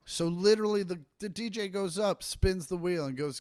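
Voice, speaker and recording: A middle-aged comic spins profane road stories with lively acted-out quotes. His voice sits a bit high, and the close mic is dry with no room sound. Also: moderate pace, hardly any pauses, no echo. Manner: profane, animated anecdote telling with acted-out quotes. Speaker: stand-up comic and podcast guest. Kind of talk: casual storytelling chat.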